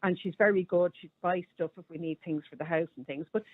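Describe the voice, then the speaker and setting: A woman's voice: lowish voice, fairly even intonation, fast, dry recording. A middle-aged Irish woman calling in to a radio show, chatty and firm as she talks about raising her daughter. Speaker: caller. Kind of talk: phone-in radio call. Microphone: telephone. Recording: tinny phone line.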